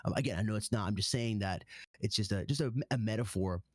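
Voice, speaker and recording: Man in low-voiced esports play-by-play. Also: fast, dry recording, clean studio sound. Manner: excitable, rambling play-by-play. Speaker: esports caster. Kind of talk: live esports commentary.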